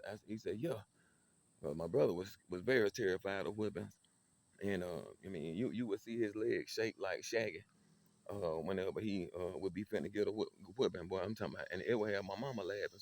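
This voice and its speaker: A man spinning a comic family tale. He talks in a lowish voice, stumbling over repeated words and breaking into laughing asides as he goes. Loose and rambling. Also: darkish tone. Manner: stammering repetitions, laughing asides. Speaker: storyteller host. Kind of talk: comic personal storytelling.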